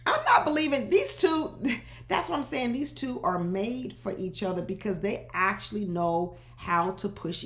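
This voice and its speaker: Woman w/ AAVE dishing on a reality show, laughing, talks right at the cast, roomy echo. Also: fairly low pitch. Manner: animated, laughing, talks straight to cast members. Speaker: reality show recap host. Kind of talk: casual commentary.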